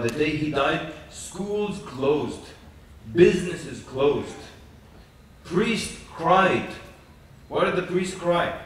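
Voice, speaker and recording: A man preaching at a youth conference, telling lively stories with jokes and acting out quotes. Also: a little high, a little hiss or hum. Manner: animated storytelling with jokes and acted quotes. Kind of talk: conference lecture. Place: large conference hall. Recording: echoey hall from far off.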